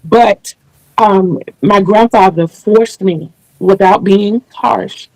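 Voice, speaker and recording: A woman's voice: mid-range voice, slow, gravelly, darkish tone, no room sound, poor audio. A woman hosting a casual video interview, speaking earnestly and explaining things at length with small restarts. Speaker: channel host interviewing a guest.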